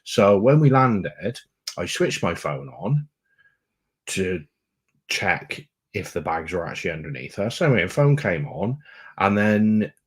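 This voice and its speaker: A man's voice: deep voice, sing-song, unhurried, slightly rough. A man co-hosting a travel live stream, chatting casually and telling stories with teasing jokes. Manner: joking, teasing storyteller. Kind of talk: casual chat.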